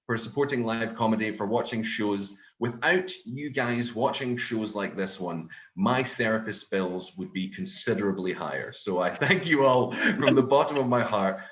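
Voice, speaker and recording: A Scottish man performing a stand-up comedy set, telling a story in an animated way and swearing often. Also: fairly low pitch, moderate pace, hardly any pauses, echoey room, highs cut off. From Scotland.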